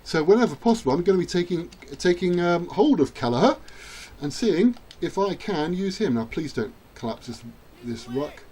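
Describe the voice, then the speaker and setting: A man's voice: sits high, lively intonation, normal speed, warm tone, a little hiss or hum. A man chatting his way through a rugby video game, self-mocking and now and then cheering at the screen. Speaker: gaming channel host. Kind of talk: let's-play commentary.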